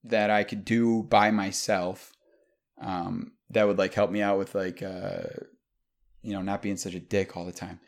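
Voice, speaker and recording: A man's voice: low voice, a little slow, vocal fry. A young man telling stories in a casual, profane chat with a friend. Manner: profane, animated storyteller.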